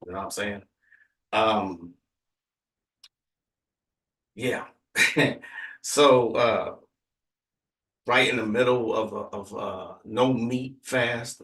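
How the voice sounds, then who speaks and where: A man's voice: mid-range voice, fairly bright tone. A man from Texas, hosting a casual livestream chat in a laid-back, rambling way with many fillers. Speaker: livestream host. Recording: roomy, distant from the mic.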